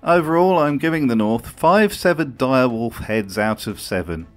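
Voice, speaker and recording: A man's voice: medium pitch, animated, moderate pace, soft background music. A man giving scripted commentary for a video, sarcastic and profane in his remarks.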